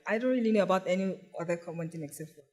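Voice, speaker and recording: A man's voice: high voice, rapid-fire, a little mellow. A man on a discussion panel, a teacher, speaking earnestly and a little hesitantly, with fillers.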